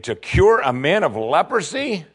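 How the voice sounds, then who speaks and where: A man voicing a panicked ancient king who suspects a setup, his voice climbing high and alarmed. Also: sing-song, unhurried, husky, full character voice. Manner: rising, alarmed, repeating himself. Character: panicked ancient king, male, suspicious and agitated.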